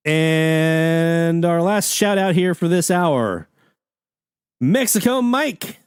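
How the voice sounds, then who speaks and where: A man's voice: on the high side, animated, extremely slow, noisy background. A man hosting a live radio hobby stream, chatting enthusiastically and reading out listener messages in a folksy way. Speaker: radio hobby show host. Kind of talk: live-stream casual chat.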